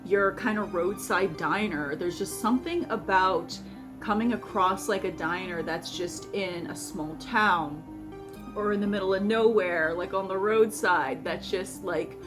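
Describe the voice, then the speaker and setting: Young adult woman, casual vlog host, meandering filler-heavy delivery, middle pitch, music bed. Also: unhurried. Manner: rambling, many fillers and restarts. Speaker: vlogger and host. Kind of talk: casual food vlog chat.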